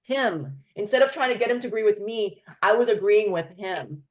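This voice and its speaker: Animated woman telling a story. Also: mid-range voice, normal speed. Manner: animated storyteller, acts out quoted voices. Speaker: host. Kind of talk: casual chat.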